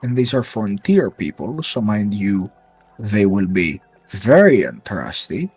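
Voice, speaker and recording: A man playing a calm, measured interrogator. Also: fairly low pitch, breathy edge, soft background music, voice pushed down, exaggerated voice. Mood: briefing. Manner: measured, persuasive briefing. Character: male interrogator, calm and calculating.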